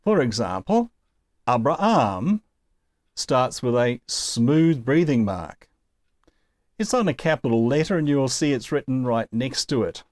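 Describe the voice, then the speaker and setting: A man's voice: medium pitch, very animated, normal speed, a little mellow, no room sound. A man giving a recorded lesson on Greek pronunciation, explaining patiently step by step and laughing now and then. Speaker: Greek teacher.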